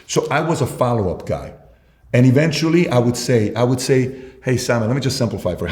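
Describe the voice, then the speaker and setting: A guest entrepreneur in an interview tells stories, acting out both sides of the conversations. His mid-range voice is expressive, quick, and a little mellow, and the recording has a roomy echo.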